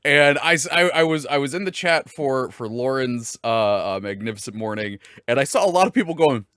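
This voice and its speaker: Man, stream host, casual chat, giggly, upbeat, bright tone, dry sound. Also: mid-range voice, lively intonation, fairly quick, smooth, no room sound. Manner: upbeat and giggly, often laughing.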